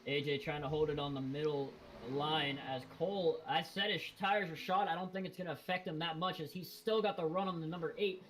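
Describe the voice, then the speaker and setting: Casual higher-pitched male race commentator. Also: fairly quick, few pauses, fairly bright tone, slight background noise, rough recording. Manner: casual, rambling with fillers and self-corrections. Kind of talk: sim racing commentary.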